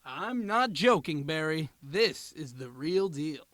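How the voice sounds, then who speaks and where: A man's voice: fairly high pitch, animated, slow pace, fairly bright tone. An actor playing a cheery father putting on a mock-official announcer tone over the phone. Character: cheery long-lost dad posing as announcer. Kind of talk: indie comedy film acting.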